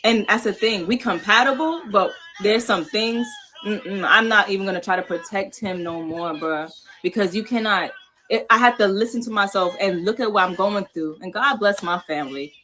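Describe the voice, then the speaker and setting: A woman's voice: medium pitch, normal speed, sharp tone, a little hiss or hum. A woman born in New York with a Jamaican-American accent, talking passionately on a livestream panel, emphatic and repetitive, swearing casually. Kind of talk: impassioned livestream talk.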